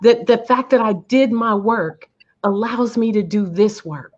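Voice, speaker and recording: An earnest woman appearing as a guest answers interview questions in a heartfelt way, repeating her words for emphasis. Her voice is fairly high and a little slow, and the lo-fi audio sounds slightly dull.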